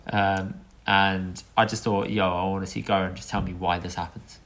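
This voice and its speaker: A man's voice: deep voice, level tone, moderate pace, fairly bright tone. A man co-hosting a podcast, joking and bantering in casual chat. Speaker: podcast co-host.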